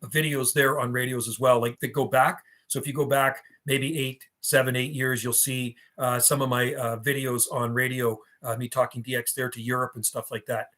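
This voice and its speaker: Man in his fifties, livestream host, chatty rambling reminiscer, mid-pitched voice. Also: little pitch movement, normal speed, hardly any pauses, a bit bright. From Canada. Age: 50s. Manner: rambling and reminiscing, answering chat. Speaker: livestream host and radio hobbyist. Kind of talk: casual livestream chat.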